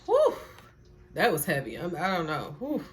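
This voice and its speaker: A woman's voice: low-pitched, sing-song, a little fast, a bit bright. A woman giving a casual spiritual tarot reading, talking emphatically and repeating herself, with free swearing and earnest, preacher-like encouragement. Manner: emphatic and repetitive, swearing freely. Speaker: tarot reader.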